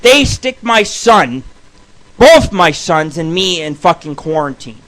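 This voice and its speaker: Loud, crude man telling rambling stories. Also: a little high, big pitch swings, slow. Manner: rambling, crude and loud, with sudden shouted bursts. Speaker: radio show host. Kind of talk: profane storytelling monologue.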